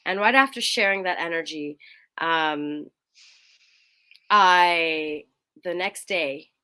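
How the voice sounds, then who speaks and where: A young woman co-hosting a casual chat, telling a personal story in an animated way and acting out quotes in a higher voice. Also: slow, clean tone. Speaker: co-host.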